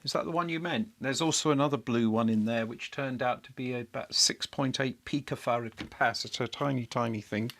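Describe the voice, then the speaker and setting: A man's voice: medium pitch, a little fast, hardly any pauses, a bit bright. A man on a live build stream, thinking aloud at his electronics workbench, muttering to himself while he checks parts and hunts for a lost cable, wry and self-deprecating. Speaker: electronics hobbyist host.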